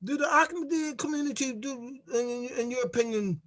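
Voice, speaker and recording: A man with a high voice interviews a guest. He asks hesitant, halting questions and fills his pauses with ums. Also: a bit bright.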